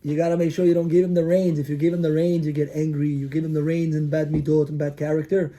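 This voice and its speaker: A man, a rabbi, giving an animated storytelling sermon and acting out the people in his tales. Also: a little high, fast talker. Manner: animated, acts out characters in the stories.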